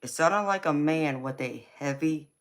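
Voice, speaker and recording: A woman's voice: low voice, a little slow. A woman with a Southern US accent, a tarot reader chatting through a live reading, reassuring and loose, with lots of "you know". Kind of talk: live-stream tarot reading, answering chat.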